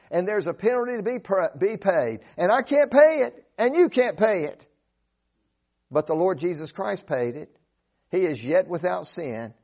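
Man, preacher, high voice, earnest, emphatic, sermon, scripture recitation. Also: darkish tone. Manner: earnest, emphatic, quotes scripture in King James wording.

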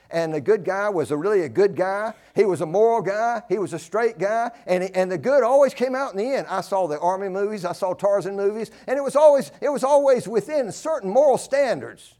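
An older man's voice sits high as he preaches with emphasis. Key phrases come back again and again, and he moves between booming declarations and hushed asides.

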